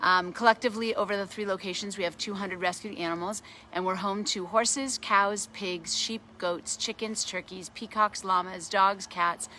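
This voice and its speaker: Bright-voiced woman telling a lively story. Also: medium pitch, moderate pace, few pauses, a little hiss or hum. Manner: animated, grows excited while retelling a story. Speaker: animal sanctuary founder. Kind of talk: casual storytelling testimonial. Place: outdoors at a farm sanctuary.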